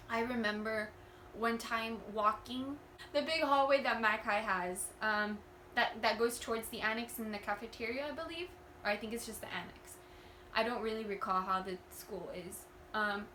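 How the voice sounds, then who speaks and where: A young woman speaks with a bright, sharp, fairly high voice, telling her own story in an earnest, rambling way with many restarts. She is recorded in an echoey room with a faint hum of ambience behind her. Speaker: vlogger. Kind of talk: candid personal storytelling.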